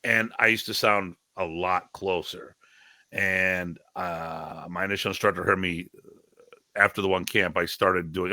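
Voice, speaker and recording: A man's voice: low-pitched, moderate pace, no room sound. A middle-aged man, a martial arts instructor, telling stories in a casual podcast discussion and often mimicking others. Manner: animated storyteller, mimics others' voices.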